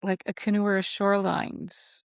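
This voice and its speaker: A woman author chatting in an interview, telling stories in a lively way and acting out the voices she quotes. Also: mid-range voice, measured pace, dry recording, clean studio sound. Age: older. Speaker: guest author. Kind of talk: casual interview chat.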